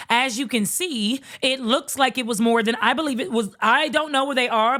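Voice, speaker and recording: Sassy woman recapper, bright, a bit high, blunt and profane, acts out quotes. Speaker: reality TV recap YouTuber. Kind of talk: casual comedic recap.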